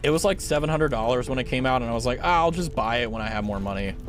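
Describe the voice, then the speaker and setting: A man's voice: medium pitch, racing. A young man streaming as a VTuber, chatting casually with viewers and telling a rambling, profane story.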